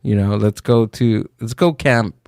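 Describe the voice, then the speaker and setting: A man's voice: on the low side, measured pace, darkish tone, smooth, no room sound, clean studio sound. A man hosting a podcast in a laid-back way, asking short questions with hesitant fillers. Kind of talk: casual podcast chat.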